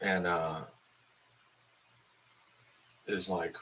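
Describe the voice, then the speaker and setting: Hung-over man venting about a movie, foul-mouthed and rambling, with a bright, tense tone. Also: low-pitched, level tone, extremely slow. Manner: profane, angry, rambling with many fillers. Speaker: film reviewer. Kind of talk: ranting film review.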